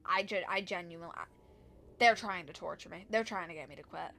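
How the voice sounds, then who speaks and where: A woman's voice: fairly low pitch, fast, creaky, a bit bright. A young woman streaming a game and telling a rambling, exasperated story about work, full of restarts and fillers. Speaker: live streamer. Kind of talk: casual storytelling while gaming.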